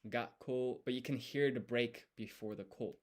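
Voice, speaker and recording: A man works through a study session out loud, explaining each step as he writes. His pitch sits in an ordinary middle range, and he talks deliberately, stopping often to correct himself. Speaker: language learner streaming his study. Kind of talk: thinking-aloud study session.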